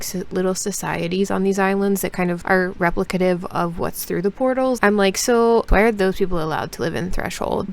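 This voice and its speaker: Woman, casual reading vlog, gravelly fry, rambling rant, "like" fillers, exasperated outbursts. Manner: rambling, frustrated ranting with many "like" fillers; bursts into loud, high exasperated outbursts. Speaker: book vlogger.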